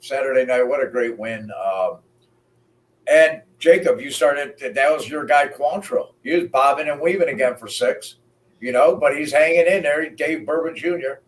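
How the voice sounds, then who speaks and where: A man co-hosting a sports podcast, telling stories in animated casual chat and often saying "man". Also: medium pitch, normal speed, distant mic. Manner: animated storyteller, peppers talk with "man". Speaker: podcast co-host.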